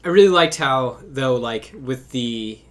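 A man with a mid-range voice chats excitedly on a podcast. He piles up fillers and laughs easily. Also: mid-range voice, measured pace. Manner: enthusiastic, laughing, many fillers. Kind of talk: casual chat.

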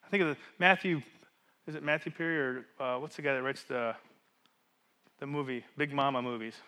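A pastor with a mid-range voice preaches a sermon in a church at a brisk pace. He asks rhetorical questions and swings between loud emphasis and hushed drops.

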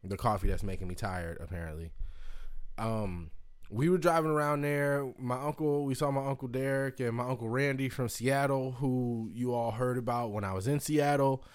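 A man from Indiana chatting casually to camera, rambling and swearing, with excited whoops and jumps into a high voice. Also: moderate pace, clear, resonant tone. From Indiana, United States. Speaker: vlogger. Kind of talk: casual chat.

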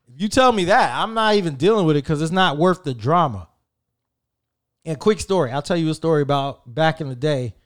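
A man in his thirties tells a story in a relaxed, slangy way, with plenty of swearing. His voice sits a little high for a man, and his pitch jumps around a lot as he gets into the tale. He sounds casual and animated throughout. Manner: animated, profane, slangy and conversational.

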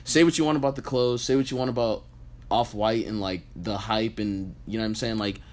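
A man's voice: lowish voice, fairly even intonation, a little fast, darkish tone. A young man in casual chat, talking in an earnest, slangy way.

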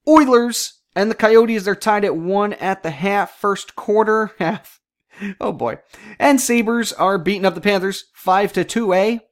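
Sports talk host, casual solo show, middle pitch, quick lists of numbers, jokey asides. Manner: chatty and jokey, wanders into asides; reads out standings and numbers in rapid lists.

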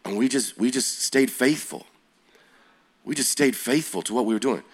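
A man's voice: medium pitch, moderate pace. A man in his forties preaching to young people, telling a story in a loose, slangy way and asking them questions. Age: 40s. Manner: animated, slangy, asks the audience questions. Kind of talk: youth sermon storytelling.

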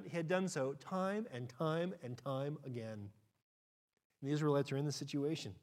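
A middle-aged man preaching a sermon, acting out quotes with big leaps in pitch and moving between quick and slow delivery. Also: darkish tone. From United States. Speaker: pastor.

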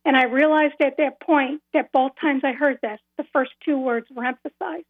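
High-voiced woman on a tinny phone line. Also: steady tone, no room sound. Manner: earnest, repeats phrases, slow and careful at key moments. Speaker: caller. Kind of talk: telling a personal story on a call-in radio show.

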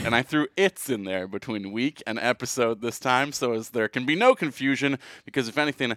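A man hosting a sports podcast in loose, casual conversation. He rants with animated swings in pitch and talks in a mid-range voice. The sound is close and dry, with no room echo. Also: fast, few pauses, soft background music. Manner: animated, ranting with big pitch jumps. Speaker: podcast host. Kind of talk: casual chat.

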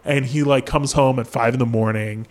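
A man's voice: mid-range voice, fairly even intonation, normal speed. Young man ranting casually on a podcast. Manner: casual, profane, lots of "like" fillers. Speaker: podcast host. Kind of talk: casual chat.

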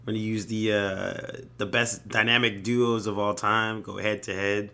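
A man's voice: fairly low pitch, flat delivery, normal speed, vocal fry, pushed and bright. A man hosting a podcast in casual chat, a little under the weather, laid-back and hesitant with many ums. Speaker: podcast host.

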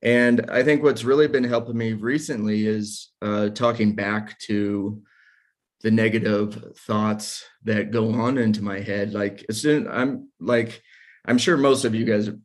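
A man's voice: lowish voice, fairly even intonation, a little slow. A man in his forties hosting a casual faith discussion, talking candidly and self-deprecatingly about his own struggles. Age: 40s.

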